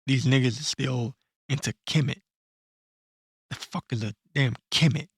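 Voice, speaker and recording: A man ranting bluntly and profanely in an unscripted commentary, stopping to read verses slowly and correct himself. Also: mid-range voice, husky, no room sound, studio quality. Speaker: online commentator. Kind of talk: blunt unscripted rant with scripture reading.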